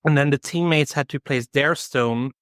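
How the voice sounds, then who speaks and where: A man co-hosting a podcast, talking in a calm, measured way with dry humor. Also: on the high side, no room sound. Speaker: podcast co-host. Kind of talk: casual chat.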